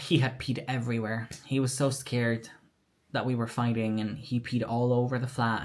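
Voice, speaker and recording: A woman's voice: rumbling low, flat delivery, normal speed. A woman telling a personal story in a candid, emotional vlog, acting out what others said. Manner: candid, emotional retelling with quoted dialogue. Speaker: vlogger.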